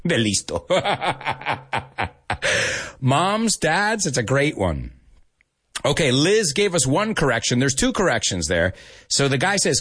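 Brief: lively American teacher, playful, very expressive pitch, casual stream. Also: male voice, unhurried, husky. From United States. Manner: animated, playful, mixes in Spanish. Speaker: English teacher. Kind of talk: live stream English lesson.

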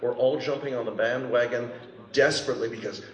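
A man on a panel telling an animated anecdote, laughing often. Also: mid-range voice, a little fast, highs cut off. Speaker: panel guest, comic writer. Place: convention hall stage. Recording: echoey hall from far off, clear background noise.

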